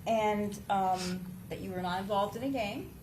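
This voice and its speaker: A woman's voice: mid-range voice, moderate pace, background noise. A woman defense attorney cross-examining a witness in a courtroom, pressing with pointed leading questions.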